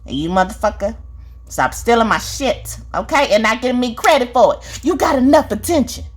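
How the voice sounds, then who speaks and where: A woman's husky voice rises and falls widely as she delivers a spiritual reading. She scolds and swears at an unnamed listener, says the same line again and again, and closes her points with a pointed "okay?". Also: on the high side, expressive, a little fast. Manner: profane, scolding, repeats herself, says "okay?" often. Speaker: spiritual reader. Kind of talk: confrontational spiritual vlog monologue.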